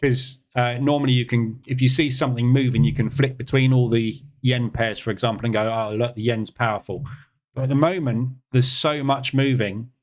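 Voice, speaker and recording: A man from England hosts a live trading session. He talks in a casual, conversational way, answering questions from the chat between readings of the charts. His voice sits at an ordinary, middle pitch. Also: steady tone, a little fast, few pauses, a little mellow. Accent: English. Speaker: trading room host.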